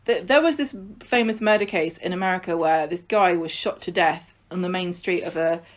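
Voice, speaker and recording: Woman, podcast co-host, casual chat, jokey, stop-start phrasing. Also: lowish voice. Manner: chatty, jokey, with halting restarts. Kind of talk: casual chat recapping a soap.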